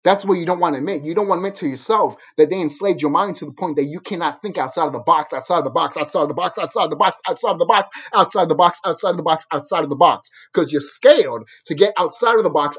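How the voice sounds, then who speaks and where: A man's voice: a little high, fast, few pauses, fairly bright tone, husky, highs cut off. A man vlogging in an angry, profane monologue, repeating phrases over and over as he drives his point home. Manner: angry, repetitive, hammering the same phrases.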